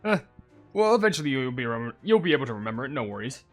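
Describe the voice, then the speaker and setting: A young man giving chatty, excitable commentary while playing a game and reading viewer comments. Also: medium pitch, very fast. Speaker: gaming YouTuber. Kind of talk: casual gameplay commentary. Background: game music.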